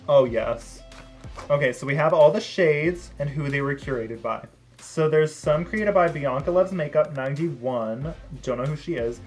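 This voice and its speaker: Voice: mid-range voice, moderate pace, faint music behind. Sassy, chatty beauty vlogger. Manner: chatty, many "like" and "um" fillers; bursts into loud excited exclamations. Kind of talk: casual product review.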